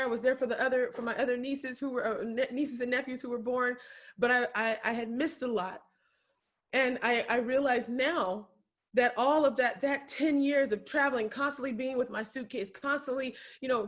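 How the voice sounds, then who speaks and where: Impassioned woman giving a keynote. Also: a little high. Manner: impassioned, preacher-like, repeats phrases for emphasis. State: tearful at times. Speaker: keynote speaker. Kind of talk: motivational keynote speech. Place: home, remote video address.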